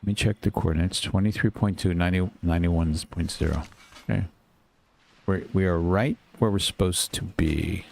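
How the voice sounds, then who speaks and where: A man commentating casually over his own gameplay, muttering to himself and quick to get frustrated and swear. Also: low-pitched, gravelly, a little mellow. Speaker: gaming channel host.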